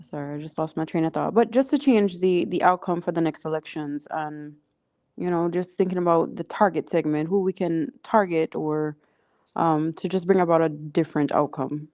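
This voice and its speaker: A woman on a discussion panel with a low voice, recorded dry and close. She speaks hesitantly, pausing to search for her words. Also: a little mellow, dry recording. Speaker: panel guest.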